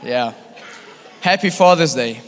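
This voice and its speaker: A male evangelist from South Africa telling animated, laugh-filled stories in a sermon at church. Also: mid-range voice, slow pace. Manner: animated, acts out voices, laughs often. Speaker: visiting evangelist. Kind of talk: storytelling sermon. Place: church hall. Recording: long church hall reverb.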